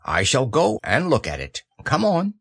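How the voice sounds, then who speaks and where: A man voicing a calm, kind young boy in an audiobook. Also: on the high side, unhurried, vocal fry, husky, no echo, studio quality, exaggerated voice. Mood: gentle. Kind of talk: audiobook character voice.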